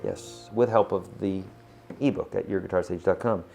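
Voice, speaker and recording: A man giving a casual acoustic guitar lesson, chatty and relaxed, counting beats aloud. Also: low voice, moderate pace, creaky. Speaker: guitar teacher. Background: acoustic guitar playing.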